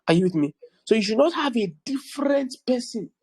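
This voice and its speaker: A man's voice: extremely high pitch, animated, fairly quick, a little mellow, slightly rough, no echo, rough recording. A man teaching real estate in an online class over a video call, repeating key points and checking in with his students. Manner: keeps checking in with the audience, emphatic repetition.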